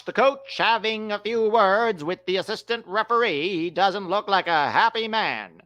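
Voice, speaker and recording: A man's voice: sits high, pushed and bright. A man voicing a pompous 1930s radio announcer in an exaggerated transatlantic accent, calling the play with theatrical grandeur.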